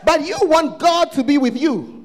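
The sermon comes from a Ghanaian English-accented pastor at a church service, who swings between shouting and whispered asides. His voice is very high and his pace moderate.

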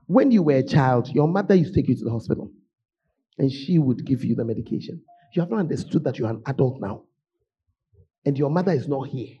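A man preaching a sermon in a church, voice hoarse, swinging from shouts to low murmurs. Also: lively intonation, fast talker, highs cut off. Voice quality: husky. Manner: emotional, shouting preaching with sudden drops to low tones. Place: church sanctuary.

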